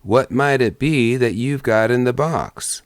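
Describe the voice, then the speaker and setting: A man voicing a skeptical stranger in a mining camp, speaking slowly and deliberately. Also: medium pitch, no echo, studio quality, voice pushed up, natural voice. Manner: slow, deliberate and doubtful. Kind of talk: audiobook character voice.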